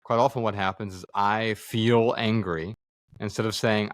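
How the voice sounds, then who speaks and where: Low-voiced reflective man, dry sound. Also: fairly quick, no room sound. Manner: earnest, acts out quoted dialogue, frequent fillers. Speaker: podcast guest, author. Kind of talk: reflective conversational storytelling. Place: studio room with others present.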